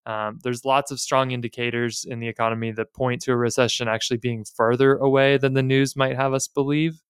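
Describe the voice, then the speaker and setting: A man's voice: medium pitch, flat delivery, brisk, clean tone, no room sound, studio quality. A man in his thirties hosting a podcast, talking in a candid, chatty and plainspoken way with casual asides. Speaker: podcast host. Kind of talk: casual finance podcast talk.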